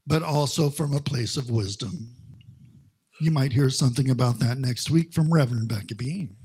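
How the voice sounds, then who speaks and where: Preaching a sermon, a middle-aged minister shares personal anecdotes at a slow, conversational pace, lacing them with wry humor. His voice is a little high and husky.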